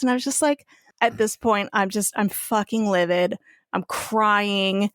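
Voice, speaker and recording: A woman co-hosting a podcast, telling a personal story in a casual, animated way and swearing freely. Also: medium pitch, slow pace, no echo, studio quality. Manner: animated, swears freely, acts out quoted voices. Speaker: podcast co-host.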